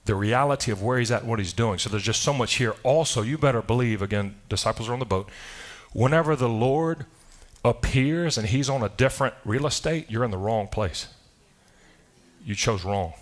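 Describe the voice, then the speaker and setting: A man's voice: medium pitch, normal speed. A man preaching a sermon in a loose, conversational style, often restarting his sentences and asking rhetorical questions. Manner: loose delivery with frequent restarts. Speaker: pastor. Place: church service.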